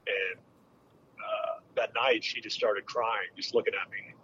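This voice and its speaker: A man in his forties, a military veteran, telling a hard personal story with candid, halting speech and many fillers. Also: fairly low pitch, steady tone, pushed and bright, muffled recording, a little hiss or hum. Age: 40s.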